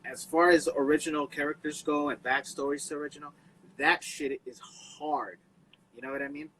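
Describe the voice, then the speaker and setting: A laid-back young man hosts a casual podcast, dropping slang and the odd swear. His voice is a bit higher than most men's and strongly bright and forward. Faint background noise sits under it. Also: fairly even intonation, brisk, rough recording. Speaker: podcast host.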